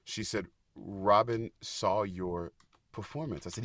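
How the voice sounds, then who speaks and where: A middle-aged man, a stage actor, telling stories on a casual podcast, animated and quick to laugh and get loud when excited. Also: fairly low pitch, slight background noise. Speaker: guest, Broadway actor.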